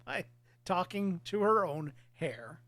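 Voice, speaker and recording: A man's voice: sits high, expressive, slow, a bit bright, no room sound. A man in his forties, a podcast host, talking candidly about family in casual chat, laughing between thoughts.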